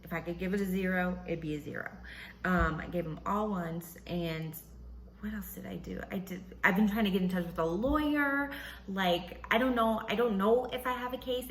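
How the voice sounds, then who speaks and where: A woman hosting a podcast, casually telling a personal story and acting out what others said in a higher voice. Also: reverberant, slight background noise, low-quality recording. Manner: animated, acts out quotes in a high voice, laughs often. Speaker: podcast host.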